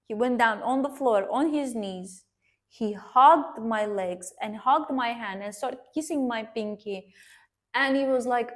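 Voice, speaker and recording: A woman earnestly recounting a personal story to her viewers, addressing them directly and pausing to restart her sentences. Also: a little high, lively intonation. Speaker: vlogger sharing a personal story.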